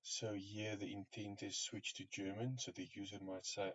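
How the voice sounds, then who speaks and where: Deep flat-voiced man explaining software. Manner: unhurried, many ums and uhs. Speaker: software tutorial presenter. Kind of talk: screen-share walkthrough. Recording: muffled lo-fi audio, faint hiss.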